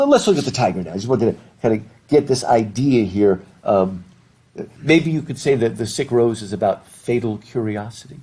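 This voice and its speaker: Husky-voiced man lecturing to a class. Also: fairly low pitch, warm tone. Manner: rambling, repeats words often, asks the class questions. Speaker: literature professor. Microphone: worn mic while masked.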